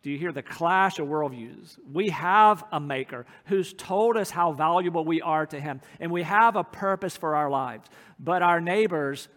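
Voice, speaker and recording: A pastor preaching a sermon in a church, earnest and emphatic, slowing his phrases to stress key points. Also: high voice, fairly bright tone. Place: church sanctuary. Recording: long hall reverb.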